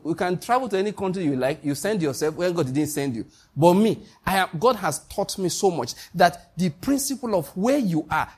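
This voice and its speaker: A man's voice: fairly high pitch, slightly rough. A man with a Nigerian accent preaching a sermon, emphatic and repetitive, often quizzing his listeners. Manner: emphatic, repeats key lines, quizzes the listeners.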